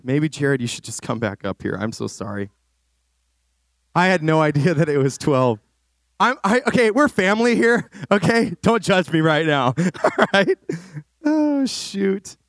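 A man preaching as a youth pastor to a congregation, energetic and animated with rambling asides. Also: fairly high pitch, a little slow, dry recording, studio quality. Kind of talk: sermon. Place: church stage before a congregation.

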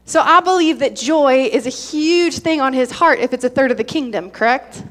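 A young adult woman preaching a lively sermon, reading scripture and calling out to her congregation for responses. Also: sits high, moderate pace. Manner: energetic, calls for audience response.

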